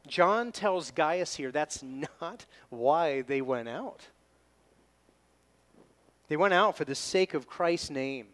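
A man's voice: fairly high pitch, lively intonation, a bit bright. Emphatic man preaching a sermon. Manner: emphatic, slows down to stress scripture readings. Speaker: pastor. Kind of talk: expository sermon.

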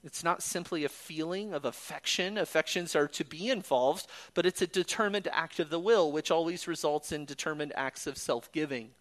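Man, preacher, sermon, earnest and emphatic, fairly high voice. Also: normal speed, hardly any pauses, a bit bright. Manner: earnest, rising to emphatic peaks, quoting scripture.

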